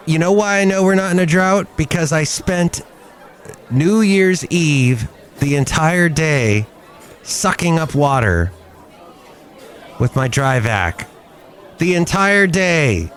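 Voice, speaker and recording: A man hosting a podcast from a cafe, talking in a chatty, joking, rambling way, his voice a little rough after covid. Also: fairly high pitch, animated, slow pace, long pauses, a faint crowd. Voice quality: rough, smoker-like after illness. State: recovering from covid, slightly rough voice. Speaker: podcast host. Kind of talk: casual podcast chat.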